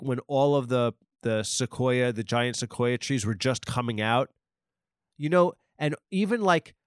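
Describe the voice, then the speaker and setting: A man hosting a podcast in a rambling, profane comedic monologue, talking excitably into a close mic. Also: medium pitch, clean tone, no room sound. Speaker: podcast host.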